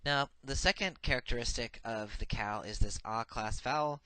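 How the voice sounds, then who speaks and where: A man teaching a recorded grammar lesson, reciting verb paradigms slowly and methodically with frequent filler sounds. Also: medium pitch, sharp tone, no echo, low-quality recording. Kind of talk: recorded lecture.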